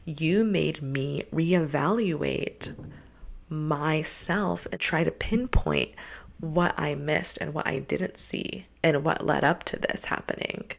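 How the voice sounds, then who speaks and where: A woman's voice: low voice, slow, gravelly. A young woman hosting a casual relationship-advice monologue, talking bluntly and ranting with plenty of swearing. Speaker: host.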